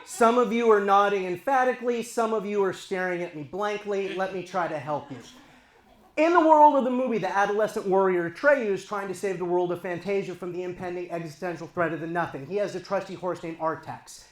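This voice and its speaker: A man's voice: high-pitched, a little fast, roomy sound. Self-deprecating male stand-up comic. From eastern Los Angeles County, US. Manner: conversational, self-deprecating, addresses the crowd directly. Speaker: stand-up comedian. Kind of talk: stand-up comedy set. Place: comedy stage before a live audience.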